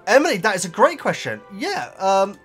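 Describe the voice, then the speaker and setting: A man's voice: sits high, huge pitch swings, moderate pace, a bit bright, slightly rough, soft background music. A British man reading and answering viewer comments in a casual chat, talking hesitantly with many stumbling restarts.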